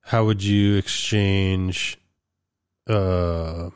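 A man's voice: low-pitched, steady tone, very slow, clean tone, dry recording, studio quality. A man chatting casually as a podcast co-host, pressing and needling to make his point. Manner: persistent, needling, argues a point. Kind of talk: casual chat.

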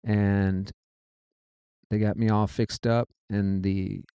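A man telling a personal story in a casual, animated way, acting out what people said. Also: on the low side, slow, clear, resonant tone, no room sound. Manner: animated, quotes people in their own voices.

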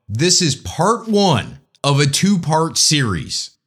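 A man's voice: fairly high pitch, sing-song, slow, fairly bright tone, breathy edge. A man giving a casual, joking, opinionated monologue as a commentator.

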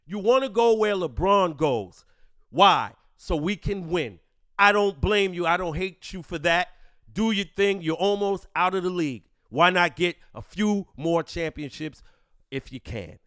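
A man's voice: high-pitched, animated, unhurried, fairly bright tone, no room sound, clean studio sound. A man hosting a podcast, talking in a brash, boastful, profane way. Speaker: podcast host. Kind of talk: profane casual commentary. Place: home studio in the Bronx.

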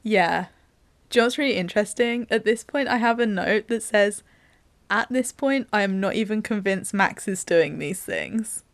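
A woman's voice: mid-range voice, moderate pace, dry recording. Chatty woman recapping a film, dry sound. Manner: chatty storyteller, walks through scenes with lots of "like". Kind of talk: casual chat recapping a film.

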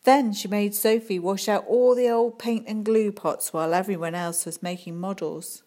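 A woman reading a children's book aloud in a calm, unhurried storytelling manner. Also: mid-range voice. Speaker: audiobook reader.

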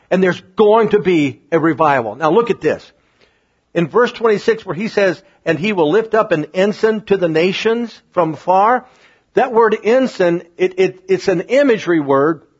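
A man's voice: high-pitched, husky, dull audio. A man preaching a sermon, reading scripture and building fervent, repetitive appeals to his listeners. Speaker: pastor.

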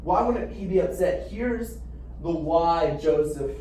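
High-voiced animated man teaching a Bible class. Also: slow, a little hiss or hum. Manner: animated, acts out quotes with restarts and asides. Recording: echoey room from far off.

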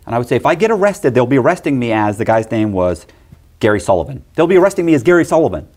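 A middle-aged man telling a personal story in casual talk, animated and acting out other people's lines in quick voices. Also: mid-range voice.

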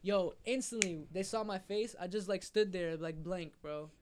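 A man's voice: sits high, normal speed, noisy background. A young man telling a personal story in casual, slangy speech.

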